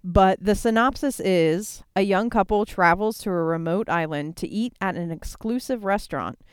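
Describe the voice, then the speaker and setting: A woman co-hosting a podcast in casual chat, bubbly and quick to laugh, a little out of breath. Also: mid-range voice, clean tone, dry recording, clean studio sound. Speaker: podcast co-host. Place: in a car.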